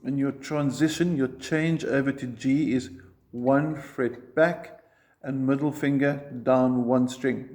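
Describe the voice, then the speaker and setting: A man's voice: medium pitch, a little mellow. A man teaching a ukulele lesson, explaining chord shapes step by step and counting strums aloud. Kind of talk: music lesson.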